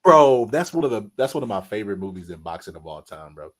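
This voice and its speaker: A man with a fairly low voice hosts a relaxed podcast chat. He talks in loose street slang, drops "bro" into nearly every sentence, and acts out stories with lively quotes. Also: quick pace. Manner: loose slangy talk, says "bro" constantly. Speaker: podcast host. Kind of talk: casual chat.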